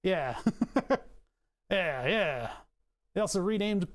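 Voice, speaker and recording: A man's voice: on the high side, lively intonation, slow, pauses often. Rambling, joking male streamer. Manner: rambling, joking asides to chat, self-mocking. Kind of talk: casual livestream chat while designing.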